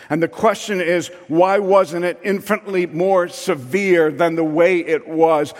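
Impassioned preacher in a reverberant hall. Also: male voice, fairly high pitch. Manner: impassioned, rising to loud emphatic peaks. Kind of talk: sermon.

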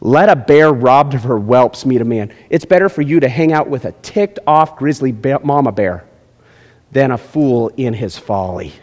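Guy preaching a sermon, goes from soft asides to shouting, big echoey church sound. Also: normal speed. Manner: animated preaching, swinging from low asides to shouted points. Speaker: pastor. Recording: long hall reverb.

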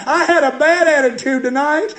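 Preacher voicing a sorry young boy, high and earnest. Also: normal speed, a bit bright. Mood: contrite. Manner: earnest, tearful pleading. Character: remorseful young boy apologizing to his father.

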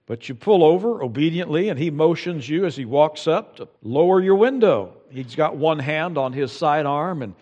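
Lively male pastor preaching in a reverberant hall. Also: fairly high pitch, moderate pace, few pauses, dull audio. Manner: lively storytelling preacher, conversational asides. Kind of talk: sermon. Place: church sanctuary with long reverb.

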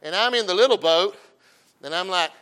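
A middle-aged man preaching in a folksy, joking way. His voice is bright and forceful, sitting a little high for a man. He swings from loud, punchy emphasis to quiet, storytelling asides. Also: lively intonation, fairly quick, clear, resonant tone. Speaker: pastor.

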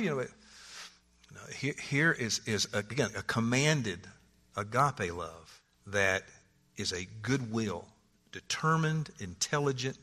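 Forceful male Bible study teacher. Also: lowish voice. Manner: earnest, repeats words, poses questions to the group.

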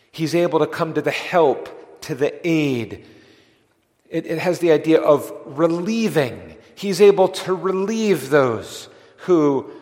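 A man preaching a sermon, earnest and emphatic, often restarting phrases as he builds intensity. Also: mid-range voice. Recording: long reverb of a large hall.

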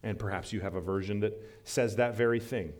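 A pastor delivers a sermon in a slightly fast, slightly mellow male voice. Earnest throughout, he lets his pitch climb for emphasis and when acting out quotes.

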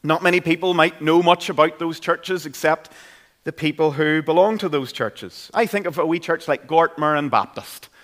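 A man's voice: fairly high pitch, moderate pace, fairly bright tone. A man with a Northern Irish accent preaching a sermon in a church, in an earnest, conversational way. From Northern Ireland. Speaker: pastor.

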